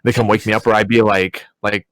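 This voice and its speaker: A young man, a podcast co-host, telling a story in a casual, animated way, swearing and laughing as he goes. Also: lowish voice, brisk, dry recording.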